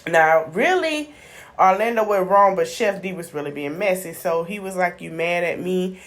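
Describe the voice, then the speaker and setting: A woman's voice: fairly low pitch, expressive, normal speed, fairly bright tone. A woman hosting her own channel, chatting casually through a reality-show recap and talking straight to her viewers. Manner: chatty, addresses viewers as y'all, acts out quotes. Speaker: YouTube channel host.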